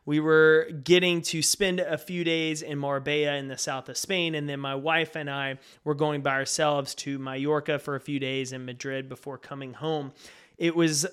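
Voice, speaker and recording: Smooth-voiced man in his forties. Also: on the high side, fairly even intonation, moderate pace, fairly bright tone. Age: 40s. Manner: earnest, conversational storytelling. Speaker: podcast host and speaker. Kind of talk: solo podcast storytelling.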